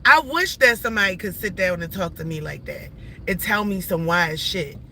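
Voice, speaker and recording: Livestreaming to her viewers in or near a vehicle stuck in traffic, a woman in her forties chats casually, bluntly, and emphatically, rambling in slang with many restarts. Her fairly low voice is bright and forceful, with lively intonation and normal speed. Slight background noise is present.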